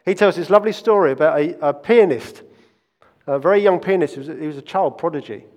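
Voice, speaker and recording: A man's voice: fairly high pitch, a little fast, a little mellow, long reverb tail. A man, preaching a sermon and telling stories earnestly, often restarting his phrases. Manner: earnest storytelling with frequent restarts. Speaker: pastor.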